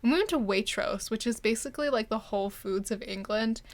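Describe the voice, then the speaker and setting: A woman's voice: fairly high pitch, a little fast. A young woman co-hosting a casual podcast chat, teasing and self-deprecating in a sarcastic way. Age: young adult. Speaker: podcast co-host.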